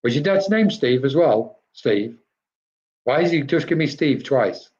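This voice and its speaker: Male medium for a live stream reading, chatty, mid pitch, dull lo-fi sound. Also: expressive, measured pace, darkish tone. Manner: chatty, addresses viewers by name, quotes spirits.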